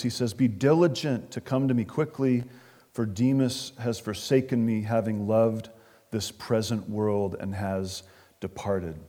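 A man's voice: mid-range voice, a little mellow. A man preaching an expository sermon, earnest, often repeating words as he stresses a point. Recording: long reverb of a large hall.

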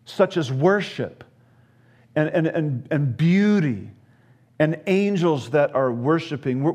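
A man delivers a sermon in a somewhat high voice. He speaks earnestly, often restarting words before pressing on, with occasional light humor. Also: a little mellow. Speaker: preacher.

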